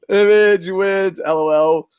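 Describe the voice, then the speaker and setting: A man's voice: sits high, darkish tone, clear, resonant tone, highs cut off. A man hosting a casual live stream, reading chat, swearing and ranting, laughing often. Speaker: host.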